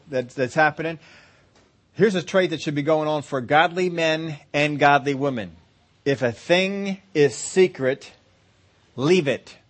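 A male pastor delivers a sermon in a relaxed, chatty way. He pitches his voice a little high, chuckles often, and drops into short acted exchanges to make his point. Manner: conversational preaching, laughs easily, acts out little scenes.

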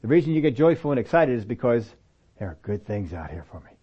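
A man preaching a sermon in a conversational, lively way, acting out small exchanges as he goes. His voice sits at an ordinary middle pitch. The recording is dull and lo-fi. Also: quick pace, husky. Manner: animated, acts out dialogue voices.

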